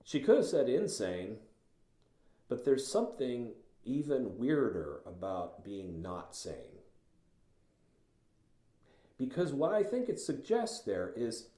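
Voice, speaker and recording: A man teaching about writing in a thoughtful, relaxed lecture, savoring words and slowing down to read passages aloud with emphasis. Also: mid-range voice, reverberant. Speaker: writing instructor.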